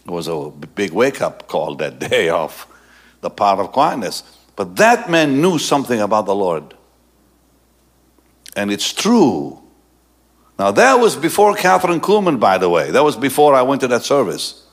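At a normal speed, a male pastor recounts a story in his sermon with lots of animation and frequent laughter. For the weighty parts he lowers his voice and softens it.

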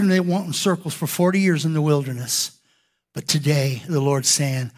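High-voiced animated male preacher. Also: moderate pace. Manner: animated, acts out quoted prayers and voices. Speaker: pastor. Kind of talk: sermon.

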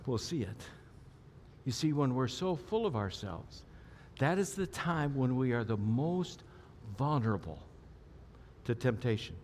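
A man's voice: medium pitch, a little hiss or hum. A man preaching a sermon as pastor, conversational and often asking the audience questions. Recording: long hall reverb.

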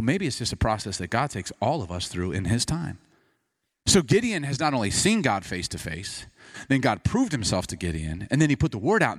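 A man preaching a sermon as pastor, animated and humorous, telling a story in a conversational way. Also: medium pitch.

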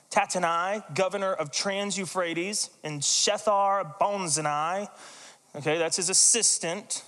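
A man's voice: high voice, big-room sound. A man preaching a sermon, telling personal stories in a chatty way and acting out the voices of the people in them. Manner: animated, conversational, acts out quoted voices. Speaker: pastor.

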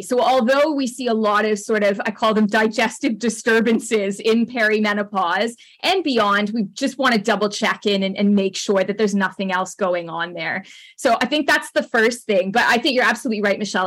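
A woman's voice: medium pitch, fairly bright tone. A woman with a Canadian accent, a health practitioner guest on a podcast, explaining things in a friendly way with lots of fillers. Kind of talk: conversational podcast interview.

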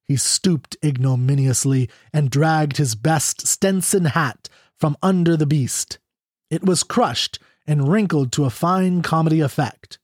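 Man, audiobook narrator, measured and expressive, slightly raised voice, dry close sound. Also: fairly high pitch, dry recording. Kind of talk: audiobook reading of a classic short story.

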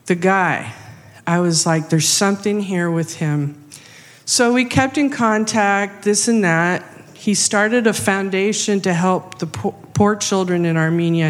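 Slow-storytelling woman in a reverberant hall. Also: medium pitch. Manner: animated, acts out quoted speech. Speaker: missionary sharing a testimony. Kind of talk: storytelling testimony. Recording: long reverb of a large hall.

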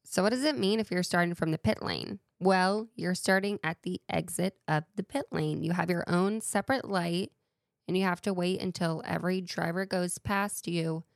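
A woman's voice: on the low side, moderate pace, vocal fry, no room sound, studio quality. A woman hosting a casual solo talk show with a playful, chatty way of wandering into tangents. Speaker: podcast host.

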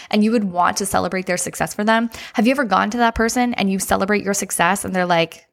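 A woman life coach hosting a casual podcast monologue, energetic and chatty, often saying "like" and speaking straight to her listeners. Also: medium pitch, fast, hardly any pauses.

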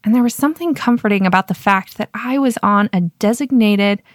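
A woman podcast host reading a scripted personal story in a measured, self-deprecating way. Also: medium pitch, no room sound, studio quality.

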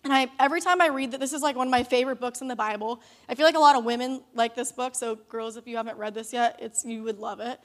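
Young woman, youth leader, high bright voice, chatty storytelling sermon full of "like"s. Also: fast, few pauses. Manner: chatty, animated storytelling with many "like"s.

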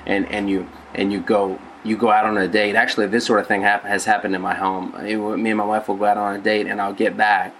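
A man's voice: lowish voice, little pitch movement, brisk, hardly any pauses, a bit bright, a little hiss or hum, rough recording. A male pastor giving a conversational sermon, rambling with many restarts and repeated words.

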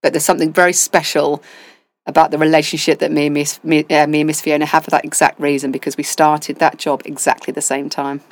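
A woman with a low voice tells her stories in a casual interview, acting out what people said along the way. The sound is close and dry, with no room echo. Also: quick pace. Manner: animated storytelling with quoted asides. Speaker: deputy head of school, interview guest.

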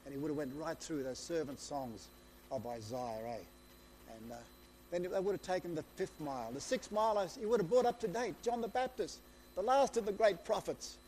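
A man preaching a sermon, retelling scripture in an excitable, storytelling way, often repeating and restarting his phrases. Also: fairly high pitch, moderate pace, slight background noise.

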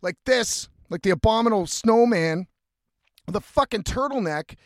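In a slightly high voice and at normal speed, a Canadian man tells a long, rambling story full of swearing. He sounds casual and animated. The audio is dry and close, with no room echo.

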